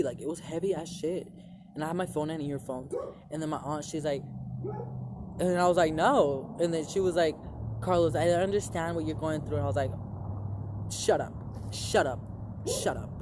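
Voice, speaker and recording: A man's voice: fairly high pitch, steady tone, brisk, background noise. A young man telling a long personal story to his viewers in a rambling, profane way, full of "like" fillers. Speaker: vlogger. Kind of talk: casual storytelling to camera.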